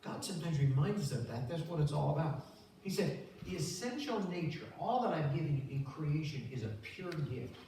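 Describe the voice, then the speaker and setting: Older man, pastor, sermon, animated pitch, distant mic, very echoey sanctuary. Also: brisk, a little hiss or hum. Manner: conversational, animated storytelling with acted-out voices. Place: church sanctuary. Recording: very echoey church recorded from afar.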